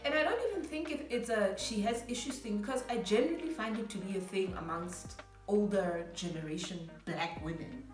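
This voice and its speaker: A woman's voice: medium pitch, fairly quick. A woman telling a personal story in casual chat with her husband, acting out the people she quotes and laughing often. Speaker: co-host of a couple's channel. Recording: echoey room, voice a bit far, soft music.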